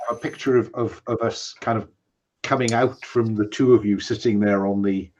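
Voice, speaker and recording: A man playing a tabletop game, describing a scene haltingly with many restarts. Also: on the low side, steady tone, darkish tone, highs cut off, a little hiss or hum. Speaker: player.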